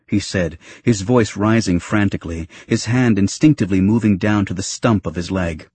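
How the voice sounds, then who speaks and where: A man narrating a novel in a measured storytelling manner. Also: on the low side, darkish tone, slightly rough. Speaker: audiobook narrator. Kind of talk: scripted narration.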